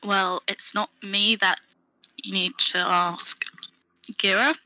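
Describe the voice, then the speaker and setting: A woman's voice: mid-range voice, fairly even intonation, takes it slowly, bright, forceful tone, no echo, poor audio. A woman voicing a blunt, pragmatic adventurer who speaks in a matter-of-fact, slightly sardonic way.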